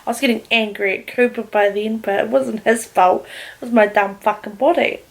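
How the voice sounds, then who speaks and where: A woman's voice: on the high side, moderate pace, gravelly, poor audio. A woman vlogger, candidly telling a personal story in casual talk, swearing often. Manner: candid, heavy swearing, animated retelling.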